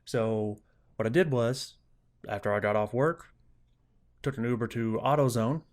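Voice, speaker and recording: A man's voice: medium pitch, a little slow. A young man hosting a podcast, telling a casual story with lots of swearing and acted-out quotes. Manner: profane, animated retelling with acted-out quotes. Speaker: podcast host.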